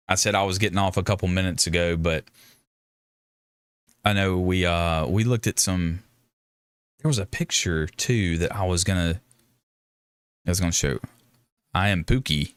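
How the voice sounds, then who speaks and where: Male livestream host, lowish voice with a bright edge, rambling and jokey, dry close mic. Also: clear, resonant tone, no echo. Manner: rambling, joking, self-interrupting. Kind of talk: casual livestream chat with viewers.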